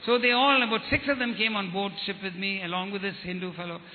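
A man's voice: high-pitched, fairly even intonation, quick pace, a little hiss or hum. A man giving a testimony sermon as an evangelist, telling stories with quoted dialogue and repeating his words. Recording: tinny phone-like sound with hall reverb.

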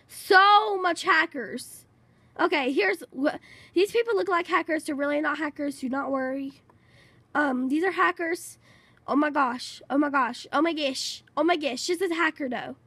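High voiced woman hyped up narrating her game, rambles and repeats herself, dry mic. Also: moderate pace, fairly bright tone, no echo. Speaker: gaming channel host. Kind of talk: casual gameplay commentary.

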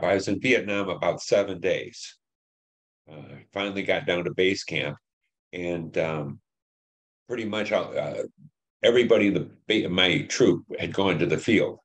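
An older man in his seventies, a veteran from Detroit, telling war memories in an interview, plain and halting with many fillers. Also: low voice. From Detroit, Michigan. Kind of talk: oral history interview.

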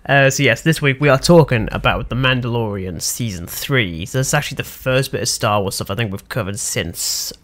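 Chatty British podcast host. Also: male voice, mid-range voice, a little fast, few pauses, a bit bright. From Britain. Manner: chatty, rambling, frequent ums and laughs. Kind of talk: casual podcast chat.

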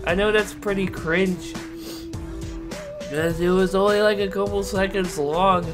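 A woman giving excited reaction commentary, tearful and hoarse, shrieking, laughing and swearing. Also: medium pitch, measured pace, soft background music. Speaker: reaction video creator.

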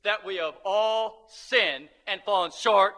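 A man's voice: sits high, slow. A male preacher giving a sermon who retells a scripture story and calls out for amens from the congregation. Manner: animated, emphatic, calls for amens.

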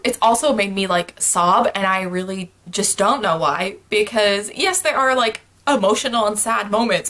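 A young woman talking straight to her viewers in a relaxed wrap-up chat. She gushes and bubbles with enthusiasm and laughs often between thoughts. Her pitch sits in the middle of the usual range. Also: normal speed. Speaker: book vlogger. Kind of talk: casual monthly wrap-up chat.

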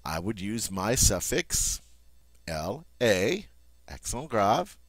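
A man's voice: fairly low pitch, very animated, takes it slowly, no room sound. A man teaching a French grammar lesson, emphatic and repeating "all right" often.

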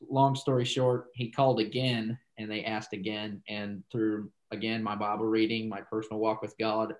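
Male pastor, lowish voice, casual interview storyteller who rambles through asides and acts out quoted dialogue. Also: rough recording.

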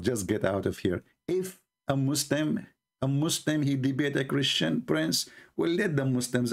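A religious debate live stream is led by a man with a medium-pitched, slightly mellow voice. He mocks and combats, chuckles at his own jokes, and speaks English with non-native grammar.

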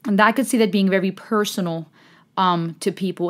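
A young woman hosting a music reaction vlog, talking straight to her viewers in an effusive, excited way, thinking aloud and laughing often. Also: mid-range voice, moderate pace. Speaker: music reaction channel host.

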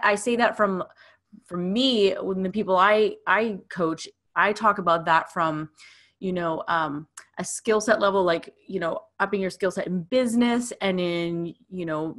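A woman's voice: medium pitch, fairly bright tone. A woman hosting a podcast, asking long, rambling interview questions full of fillers. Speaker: podcast host.

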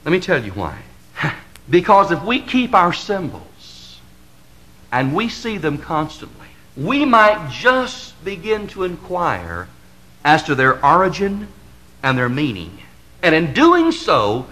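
A man's voice: fairly high pitch, wildly swooping pitch, sharp tone, poor audio. Fiery Southern-drawled preacher man. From American South. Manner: impassioned, building to emphatic crescendos; repetitive rhetorical cadence with drawn-out stresses. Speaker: pastor.

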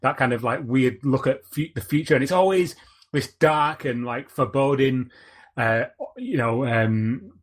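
A man's voice: medium pitch, measured pace. A man co-hosting a podcast in casual chat, rambling and searching for words. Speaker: podcast co-host.

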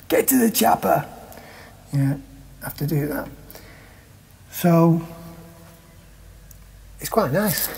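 A man with a Manchester accent talks casually to camera while he walks through a small hotel room and up a stairwell. His voice is mellow and a bit warm. Over a faint hiss, he chats along with jokey, wry asides. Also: mid-range voice. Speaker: travel vlogger reviewing a hotel. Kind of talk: casual vlog walkthrough.

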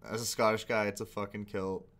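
A man's voice: lowish voice, flat delivery, fairly quick, fairly bright tone. A man hosting a reaction video, talking casually with rambling asides and frequent laughs. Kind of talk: casual commentary.

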